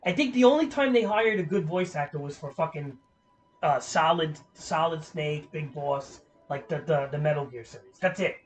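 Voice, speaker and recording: A man with a slightly high voice streams a game at a moderate pace. His chat is casual and rambling, with free swearing and plenty of "like" as filler.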